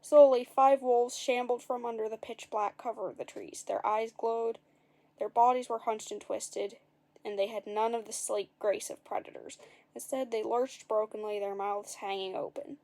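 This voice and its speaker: A woman reading a chapter book aloud to her listeners. She breaks off now and then for playful asides, and her voice sits a little high for a woman. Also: steady tone, moderate pace, mellow. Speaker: storyteller.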